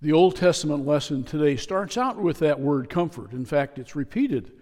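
A man preaching a sermon in a church, speaking in a measured, repetitive way with emphatic pauses. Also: on the high side, lively intonation, darkish tone. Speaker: pastor. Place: church sanctuary. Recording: long reverb of a church hall.

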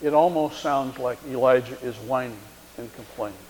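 A man's voice: mid-range voice, normal speed, darkish tone. A man preaching a sermon, retelling a story and acting out the quoted lines in shifting voices. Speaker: pastor. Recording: long reverb of a large hall.

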